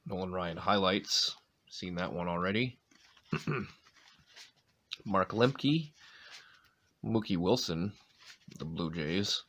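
A man's voice: sits low, takes it slowly, long pauses, a bit bright. A man from Maine with a light New England accent and a slight sore throat, casually calling out player names as he opens packs of cards. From Maine, USA. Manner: reads off player names between chatty asides. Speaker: card-opening channel host. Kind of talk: casual pack-opening commentary.

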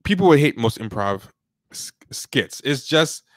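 A man talks in a loose, rambling livestream chat, sardonic and mocking, at an ordinary middle pitch. The sound is dry and close, with no room around it. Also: big pitch swings, a little slow, a bit bright, no echo. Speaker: podcast co-host. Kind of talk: casual livestream commentary.

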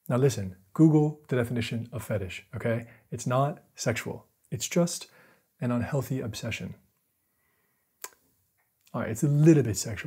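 A man's voice: medium pitch, normal speed, mellow, slightly rough. A man narrating a video essay, shifting between playful self-mockery and dramatic storytelling.

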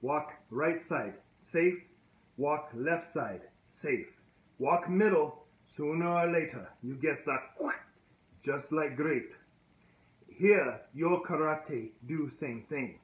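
A man voicing a wise old male karate master who speaks slow, halting broken English, in a roomy-sounding room. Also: on the high side. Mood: solemn. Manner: slow, measured instruction. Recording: roomy echo.

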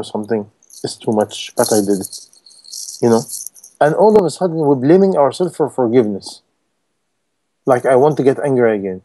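A man's voice: mid-range voice, dark tone. A man preaching a sermon in non-native English, emphatic and full of rhetorical questions to his listeners.

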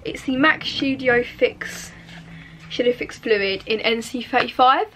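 A woman's voice: fairly high pitch, measured pace, bright, forceful tone, a little hiss or hum. A young woman vlogging casually to camera from her bedroom, chatty and confiding, sometimes dropping to a near whisper. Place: bedroom at home.

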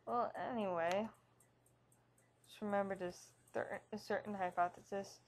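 A woman's voice: medium pitch, fairly even intonation, a little slow, a little hiss or hum. A woman giving casual, jokey commentary as she plays through a game, reading its text aloud with wry asides. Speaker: let's play host.

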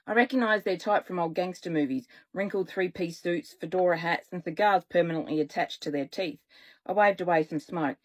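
A woman's voice: on the low side, a little fast. Woman author reading children's stories aloud. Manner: lively, expressive storytelling.

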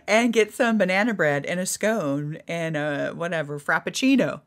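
A woman in her forties hosting a podcast, telling a personal story in an animated way, laughing often and acting out what people said. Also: on the low side, moderate pace, few pauses. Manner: animated, laughing, acts out quotes. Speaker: podcast host.

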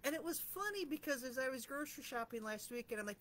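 A woman's voice: high voice, animated, fast, fairly bright tone, slight background noise. A middle-aged woman talking in a casual, candid and self-deprecating way as she reflects in her vlog. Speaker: vlogger.

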